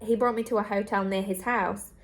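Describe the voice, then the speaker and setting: A woman's voice: mid-range voice, fairly even intonation, brisk. A young woman travel vlogger talking candidly and earnestly to camera, repeating herself for emphasis. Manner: earnest, repetitive, heartfelt. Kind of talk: candid vlog monologue to camera.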